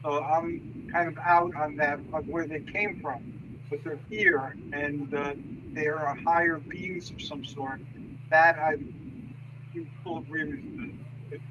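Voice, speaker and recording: A man's voice: fairly high pitch, level tone, takes it slowly. A man hosting a show who explains ideas in a thoughtful way. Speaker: host. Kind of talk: casual discussion of mythology. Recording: dull lo-fi sound with noise.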